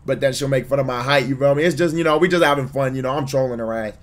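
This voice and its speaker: A man's voice: medium pitch, racing. A man streaming a casual reaction, talking loosely to his chat with lots of slang and swearing. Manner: laid-back, profane, slangy, talks to chat.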